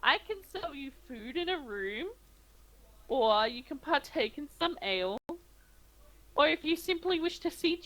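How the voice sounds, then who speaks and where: A woman voicing a busy male tavern keeper who speaks slowly and deliberately, as if to a child. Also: high-pitched, sharp tone, voice pushed up, exaggerated voice, low-quality recording. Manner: slow, deliberate, talking down.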